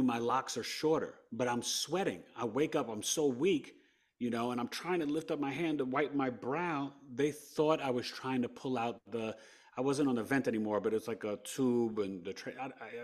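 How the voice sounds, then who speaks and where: Male podcast guest from New York, mid-range voice, animated storyteller who shifts between hushed and loud. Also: mid-range voice, normal speed. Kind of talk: emotional personal storytelling.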